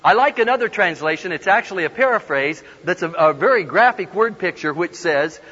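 A man giving a humorous storytelling sermon, animated and laughing often as he acts out the voices in his stories. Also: high voice, brisk, husky. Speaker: guest preacher. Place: large hall with an audience. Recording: dull lo-fi sound with long hall reverb.

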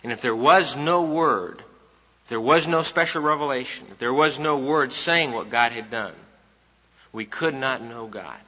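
In a dull recording made in an echoing hall, a man delivers an evening sermon with emphasis, going over his main points again and again for the congregation. He speaks at a measured pace in a medium-pitched, bright, forceful voice.

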